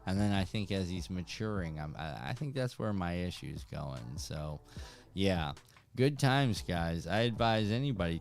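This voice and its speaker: A man's voice: sits low, unhurried, creaky, faint music behind. A man in his thirties hosting a fishing channel, telling a story casually to viewers and acting out the people in it. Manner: animated, acts out voices in anecdotes.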